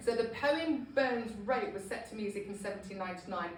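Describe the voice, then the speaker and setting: A woman's voice: mid-range voice, expressive, brisk, a little hiss or hum. Chatty woman in an echoey hall. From Scotland. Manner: humorous, laughs often, self-deprecating. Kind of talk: chatty informal presentation. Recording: echoey room, voice from a distance.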